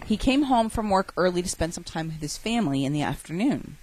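A woman's voice: fairly low pitch, big pitch swings, brisk, a little mellow. Casual woman reading podcast news. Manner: reads stories with self-corrections.

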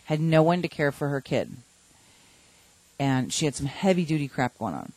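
A woman co-hosting a casual talk show, telling stories with lively exclamations. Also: sits low, normal speed, no room sound, rough recording. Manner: lively storyteller, animated exclamations. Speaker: podcast co-host. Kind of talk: casual chat.

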